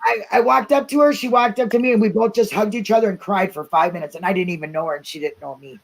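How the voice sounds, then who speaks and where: A woman's voice: medium pitch, fast, vocal fry, poor audio. A woman hosting a casual talk-show discussion, talking emphatically, repeating herself and often asking "you know what I mean?".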